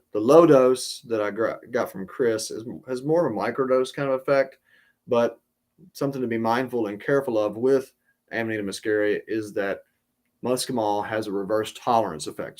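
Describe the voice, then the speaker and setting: A man talks loosely on his podcast, drifting through a long story. He stops and restarts his sentences often, filling the gaps with ums and uhs. His pitch sits in an ordinary middle range. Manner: rambling, many ums and restarts. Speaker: podcast host. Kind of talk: casual storytelling.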